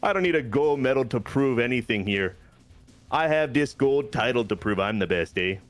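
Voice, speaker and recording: A man's voice: medium pitch, expressive, normal speed, dry recording, close to an everyday voice. A man doing an impression of a boastful male wrestling champion with a put-on Canadian accent. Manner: loud, boastful, taunting.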